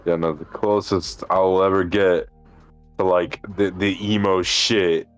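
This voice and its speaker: A man's voice: deep voice, flat delivery, a little slow, smooth, soft background music. A young man co-hosting a casual podcast over a voice-chat call, laid-back and offhand, with a mumbly delivery. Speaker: podcast co-host.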